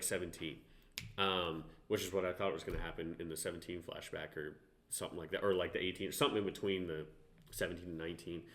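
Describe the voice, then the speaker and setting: Fast-talking young man in an echoey room. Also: on the low side. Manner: rambling, swears often, animated. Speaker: podcast co-host. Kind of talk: casual chat reviewing a TV show.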